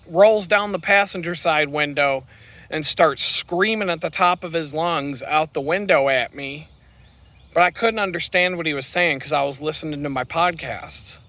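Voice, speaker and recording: Male vlogger, profane rambling rant while cycling outdoors, bright forceful voice. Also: on the high side. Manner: profane, ranting. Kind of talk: rambling vlog while riding. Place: outdoors on a bicycle on the road.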